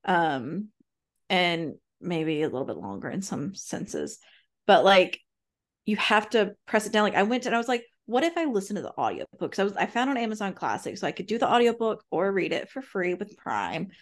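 A woman co-host chats in a storytelling way. Her pitch jumps around a lot, and she sounds animated and expressive. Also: moderate pace. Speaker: podcast co-host. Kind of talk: casual chat.

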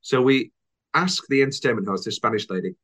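A man's voice: mid-range voice, brisk, fairly bright tone. A man hosting a podcast in casual chat, rambling through anecdotes with many restarts and acting out quotes. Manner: rambling storyteller, acts out quotes in silly voices. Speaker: podcast host.

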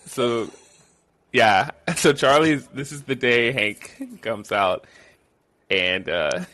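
A man's voice: medium pitch, big pitch swings, slow, bright, forceful tone. A man hosting a podcast in casual chat, swearing freely and laughing often as he retells scenes. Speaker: podcast host.

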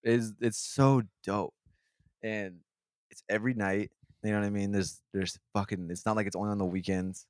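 A man with a fairly low voice tells a long, rambling story in a loose podcast chat. He swears constantly. The sound is dry and close, with no room echo. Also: fairly even intonation, normal speed. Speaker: podcast host. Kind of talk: casual chat.

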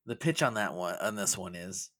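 A man's voice: low voice, expressive, normal speed, fairly bright tone, dry recording. A man co-hosting a casual movie podcast, chatty and laughing often, with frequent hesitant restarts. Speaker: podcast co-host.

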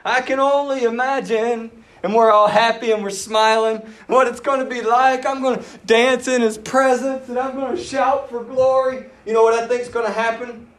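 A man preaching a sermon in an animated, dramatic way, acting out the quoted words. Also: very high-pitched, normal speed, hardly any pauses. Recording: roomy, voice from a distance.

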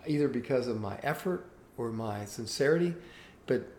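At a moderate pace and mid-range pitch, this interview guest recounts anecdotes from his life with earnest animation. He's in his sixties, originally from Cuba but without an accent, recorded in a roomy space with faint background hiss.

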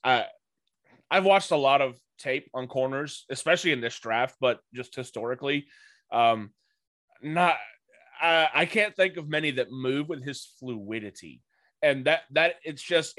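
A man's voice: mid-range voice, a bit bright, dry recording. Man with dry, hesitant analytical talk. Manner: analytical, hesitant, many filler words. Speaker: podcast co-host, football draft analyst. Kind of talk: casual podcast chat.

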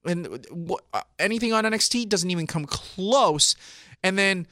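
Brief: male podcast co-host, bright and punchy, slightly higher voice, dry close mic, chatty. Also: dry recording. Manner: quick agreeing interjections, chatty and excitable. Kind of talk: casual wrestling podcast chat.

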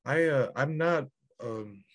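Male co-host, unhurried, low-key, mostly short agreeing replies. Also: dry recording, studio quality. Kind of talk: casual chat.

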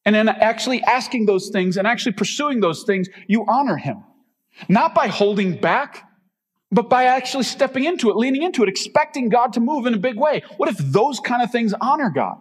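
A man's voice: high-pitched, lively intonation, fairly quick, breathy edge. A male pastor giving a conversational, emphatic sermon full of rhetorical questions. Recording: reverberant hall.

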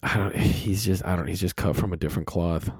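A young man co-hosting a casual golf podcast, telling animated stories and acting out quotes. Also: deep voice, fairly quick, slightly rough, dry recording, clean studio sound. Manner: animated storyteller, acts out quotes loudly. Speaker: podcast co-host. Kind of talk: casual chat.

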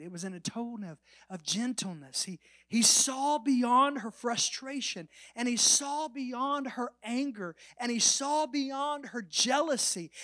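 A man preaching a sermon as pastor. He tells the story with big swings between loud and soft, and drops to a near whisper at the ends of phrases for emphasis. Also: very high-pitched.

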